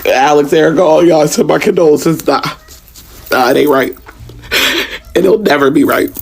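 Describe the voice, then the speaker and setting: A man's voice: on the high side, moderate pace, creaky, slightly rough. A man talking in an emotional, casual vlog, rambling and hesitant, turning angry and profane.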